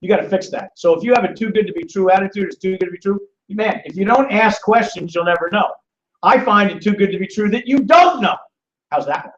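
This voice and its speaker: A high-voiced man hosts a seminar before a live audience. He sounds animated, acts out the voices of the people in his stories and calls on listeners by name. The recording is roomy and distant, with a dull, lo-fi sound. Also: quick pace. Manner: acts out quoted voices in storytelling. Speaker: seminar host. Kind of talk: live financial seminar talk.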